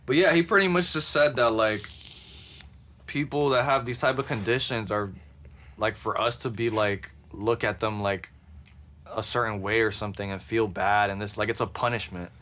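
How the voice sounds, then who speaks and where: A man's voice: fairly low pitch, normal speed, a bit bright. A man co-hosting a podcast in casual chat, cursing freely and reading quotes aloud with a laid-back, amused delivery. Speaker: podcast co-host.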